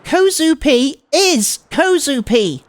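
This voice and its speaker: A man putting on a high cutesy timid girl. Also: lively intonation, moderate pace. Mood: insistent. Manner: childish cutesy baby talk. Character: timid odd young girl, speaks in third person.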